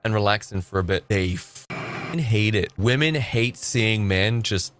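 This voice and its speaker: A man's voice: fairly low pitch, a little slow, slight background noise. A man hosting a live stream, reacting to a clip with sarcastic, sweary commentary. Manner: sarcastic, sweary, lively ranting.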